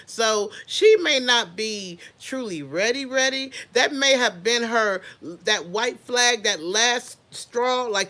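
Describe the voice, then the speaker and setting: A woman's voice: on the high side, slow pace. A woman hosting an unscripted livestream, chatting casually and talking straight to her viewers. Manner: animated, chatty, addresses viewers directly. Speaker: livestream host.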